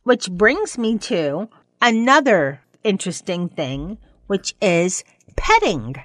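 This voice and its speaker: A woman hosts a pet radio show in a loose, chatty monologue that wanders from one thought to the next. Her voice sits mid-range and is recorded close and dry, with no room sound. She playfully mimics excited animals in squeaky bursts. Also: slow pace, no echo. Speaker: pet podcast host. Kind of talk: casual monologue.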